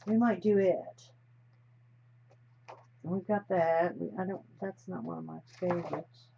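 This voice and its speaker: A woman's voice: on the low side, unhurried, creaky. Rambling, chatty woman on a live stream. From United States. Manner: rambling, chatty, trails off mid-sentence. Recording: slightly dull, faint hiss.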